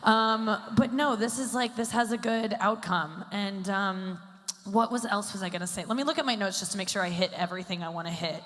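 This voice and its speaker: Fairly quick and fairly bright, a medium-pitched woman in her thirties delivers stand-up on a stage mic. The set is rambling and self-deprecating, with lots of fillers, performed on a comedy stage in a large hall and captured with long live-venue reverb.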